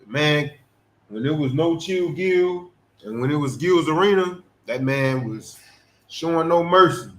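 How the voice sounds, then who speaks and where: A man co-hosting, giving relaxed casual commentary and chiming in. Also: fairly high pitch, unhurried. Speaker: co-host. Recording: echoey room, faint noise.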